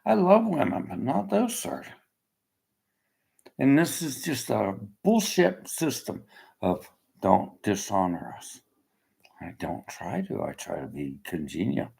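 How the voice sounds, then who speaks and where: Gravelly older man ranting angrily. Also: fairly low pitch, sing-song, slow pace, darkish tone, low-quality recording. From Canada. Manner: agitated, ranting, blunt and profane. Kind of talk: angry personal rant.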